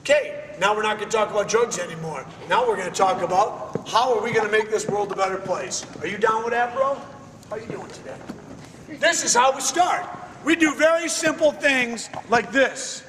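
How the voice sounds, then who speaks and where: A man's voice: sits high, moderate pace, background noise. A man giving a motivational talk to a room of schoolchildren, preachy and emphatic, with streetwise slang and questions thrown at the crowd. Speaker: motivational speaker. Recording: echoey hall recorded from far off.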